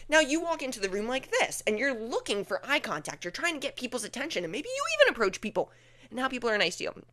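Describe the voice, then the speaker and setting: A woman's voice: high-pitched, big pitch swings, fast talker, fairly bright tone, no echo. A young woman hosting her own podcast, chatting casually and animatedly, with lots of fillers and acted-out quotes. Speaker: podcast host. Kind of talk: casual solo podcast chat.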